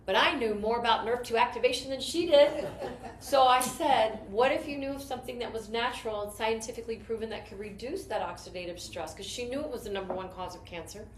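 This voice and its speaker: A woman's voice: on the high side, a little fast. A woman leading a network marketing team, telling stories in an enthusiastic, rambling motivational talk. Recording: roomy echo with faint noise.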